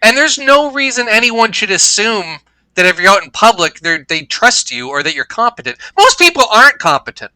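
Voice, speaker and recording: A man chatting on a comedy podcast as a guest comedian, blunt and opinionated with deadpan asides. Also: sits high, normal speed, no echo, low-quality recording. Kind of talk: casual comedy podcast chat.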